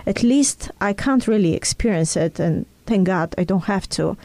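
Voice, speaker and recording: A woman talks through ideas with an earnest, explanatory tone, using her own experiences as examples. Her voice is mellow and soft-edged. The sound is dry and close, with no room around it. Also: mid-range voice, no room sound. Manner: earnest, teaching tone with personal examples. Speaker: speaker in a conversation.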